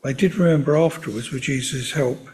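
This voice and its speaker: A man giving a sermon in a gentle, conversational way, with chatty asides to his listeners. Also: medium pitch, a little fast. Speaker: preacher.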